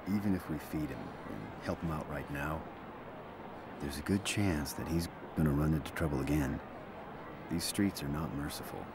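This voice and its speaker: A stern, weary yakuza with an extremely deep, gravelly voice. His lines are blunt and terse. He sounds like video game audio, with noise behind the voice. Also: moderate pace. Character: gruff adult male yakuza, stern and weary.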